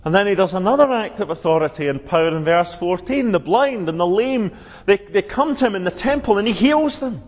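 A man's voice: sits high, lively intonation, brisk. A man preaching a sermon, expounding scripture earnestly and emphatically, lifting his voice on quoted cries. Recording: lo-fi with long hall reverb.

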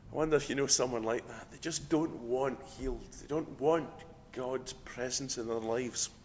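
A man preaching a sermon with a hoarse voice, measured and reflective, with a storyteller's flair. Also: medium pitch, a little mellow, slight background noise. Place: church. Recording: dull sound, long hall reverb.

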